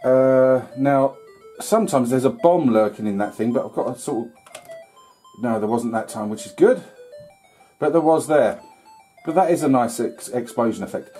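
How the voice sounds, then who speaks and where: A man's voice: medium pitch, moderate pace, long pauses, dark tone, faint music behind. A man giving casual, rambling commentary while playing an old computer game, with filler words and mild swearing. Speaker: retro gaming YouTuber.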